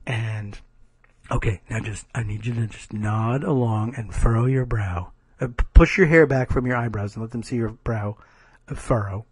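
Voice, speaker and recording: A man voicing a calm male presidential aide who murmurs instructions in a low, patient, coaxing way. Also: normal speed, husky, dry recording, lightly acted. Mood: hushed coaxing.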